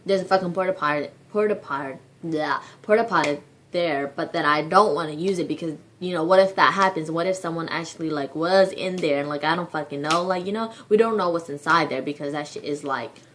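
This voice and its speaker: A young woman vlogger rants to camera with a lowish voice, cursing in almost every phrase and padding her sentences with fillers. She sounds exasperated and fed up throughout, and a faint hum sits under the recording. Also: fairly quick, a bit bright. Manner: profane, exasperated, heavy use of filler words. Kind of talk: casual rant to camera.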